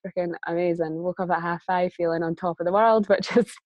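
A woman's voice: lowish voice, steady tone, fairly quick, darkish tone, no room sound, highs cut off. A woman telling a personal story as a guest in a casual conversation, chatty and laughing often. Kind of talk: casual chat.

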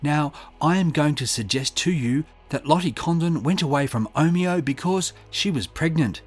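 A man's voice: a little high, normal speed, slightly rough. A man voicing a stern male prosecuting barrister who presses the witness with pointed questions. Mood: pressing.

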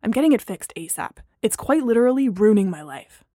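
A woman voicing a young man who jokes wryly and apologizes in a low-key way, in an audio drama reading. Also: very animated, brisk, dark tone, no room sound, clean studio sound. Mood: explaining. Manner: sheepish, wry, low-key.

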